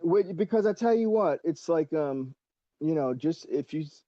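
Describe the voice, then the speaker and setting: Mellow-voiced man telling a rambling story. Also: on the high side, moderate pace, no room sound, muffled recording. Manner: rambling, filler-heavy, lively, swears casually. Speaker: actor, podcast guest. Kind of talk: casual storytelling.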